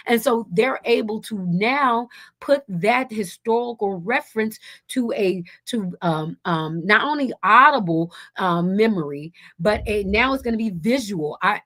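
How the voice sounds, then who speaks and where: A woman guest on a radio talk show, telling a story casually with many restarts and acting out other people's voices. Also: a little slow. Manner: animated, acts out quoted voices with big pitch jumps; rambling with frequent restarts.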